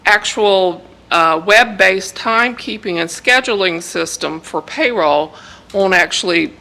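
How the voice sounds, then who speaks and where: A woman's voice: mid-range voice, a little slow, creaky, pushed and bright, poor audio. A woman presenting a project timeline at a city meeting, hesitant and explanatory. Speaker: staff presenter.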